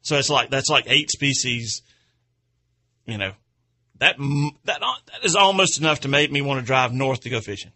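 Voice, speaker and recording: A man's voice: mid-range voice, normal speed, sharp tone. A man hosting an outdoors radio show, chatting in a rambling, folksy way and chuckling at his own stories. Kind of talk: casual radio chat.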